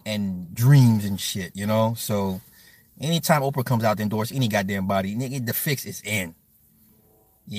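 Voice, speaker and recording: A man's voice: medium pitch, fairly bright tone, no room sound. A man hosting a live stream in a blunt, profane, rambling rant, stammering and repeating words and breaking off to thank and answer his viewers. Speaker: livestream host talking to chat.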